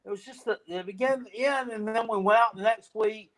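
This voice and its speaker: A man's voice: high voice, fairly quick, fairly bright tone. Profane rambling man ranting about football. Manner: profane, rambling, frequent restarts. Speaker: podcast host. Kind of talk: casual sports rant.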